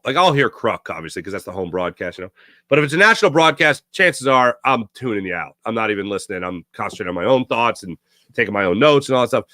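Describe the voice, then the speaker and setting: A man's voice: medium pitch, bright, forceful tone, no room sound, clean studio sound. A man hosting a sports talk show, ranting sarcastically and casually while reading viewer comments. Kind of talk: casual live-stream chat reading comments.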